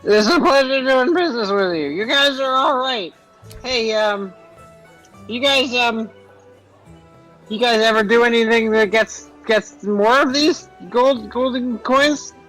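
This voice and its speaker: A man's voice: very high-pitched, a little slow, pushed and bright, soft background music, heavily acted, low-quality recording. A man voicing a small, eager male goblin adventurer in a tabletop game who rambles and brags. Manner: rambling, eager and self-assured.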